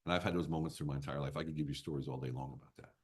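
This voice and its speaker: A man's voice: extremely low pitch, steady tone, rapid-fire, darkish tone, slightly rough. A man in his fifties, a business coach telling stories as a podcast guest, blunt and emphatic with casual swearing. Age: 50s. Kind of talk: podcast interview storytelling.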